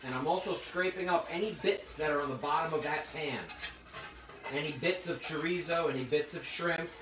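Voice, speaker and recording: Chatty cook explaining from across an echoey kitchen. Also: male voice, a little high, moderate pace. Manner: chatty, explains steps as he cooks. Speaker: cooking instructor. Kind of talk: live cooking demonstration. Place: hot kitchen. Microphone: phone streaming to a remote audience. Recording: echoey room, voice from a distance.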